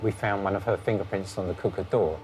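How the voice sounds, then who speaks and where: Low-voiced forensic investigator. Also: male voice, fairly even intonation, quick pace, over music. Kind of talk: documentary interview.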